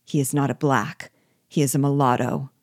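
A woman reading the part of a passionate young man, loyal and quick to anger, with urgent, indignant questions. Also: a bass voice, fairly even intonation, darkish tone, no echo, clean studio sound.

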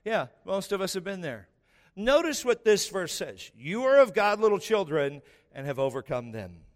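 A man's voice: sits high, very animated, normal speed, in a large hall. A man preaching a sermon as pastor, repeating key phrases for emphasis and having the congregation say verses aloud.

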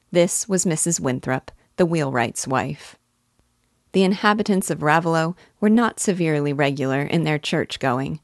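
A woman reads a classic novel aloud for her literature students. Her voice is low and the sound is dry and close, and she keeps a measured, even pace through long sentences. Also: no echo. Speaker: literature teacher.

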